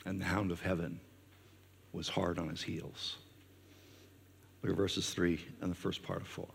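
A man's voice: low-pitched, little pitch movement, unhurried, creaky, husky. A male pastor preaching a conversational sermon with frequent fillers, who acts out questions in a raised voice. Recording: long hall reverb.

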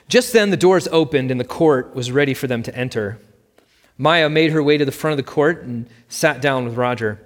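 A man's voice: medium pitch, normal speed. Man narrating a story in a hall. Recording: long hall reverb.

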